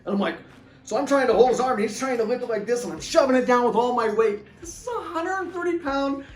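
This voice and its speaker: Animated middle-aged man telling a story. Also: very high-pitched, fast talker. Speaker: author and former deputy. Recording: roomy room, distant mic, faint music.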